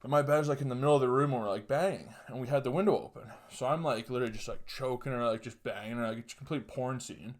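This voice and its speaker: A man's voice: mid-range voice, quick pace, few pauses. Profane young man telling a story. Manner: profane, laughing often, loose and rambling. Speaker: podcast host telling a story. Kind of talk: crude casual storytelling.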